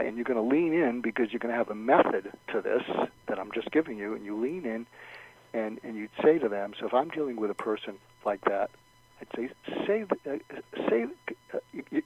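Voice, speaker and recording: Husky-voiced man explaining on a dry, dull radio line. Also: no echo. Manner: explanatory, acts out sample lines in conversation. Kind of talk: radio talk show interview. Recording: dull low-fidelity radio sound.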